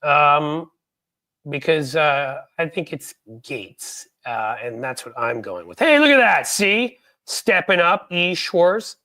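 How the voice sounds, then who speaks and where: Live-stream host, a man from New York City, middle-aged, rambling and self-mocking, fairly high voice, dry close mic. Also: animated, slow pace, bright, forceful tone, dry recording. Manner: joking, rambling, self-deprecating. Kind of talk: casual live-stream chat.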